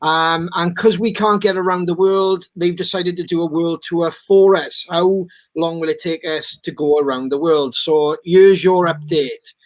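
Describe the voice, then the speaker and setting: A man's voice: fairly high pitch, fairly even intonation, unhurried, hardly any pauses. A man hosting a podcast in casual chat, rambling and swearing, full of ums. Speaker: podcast host.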